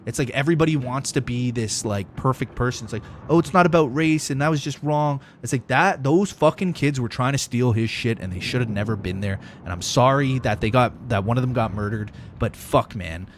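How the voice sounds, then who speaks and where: A young man live-streams a game and rants to his viewers, swearing freely and leaning hard on his points. His voice sits at an ordinary middle pitch, with faint noise behind it. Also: brisk, few pauses. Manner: profane, ranting, emphatic. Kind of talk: casual gaming livestream chat.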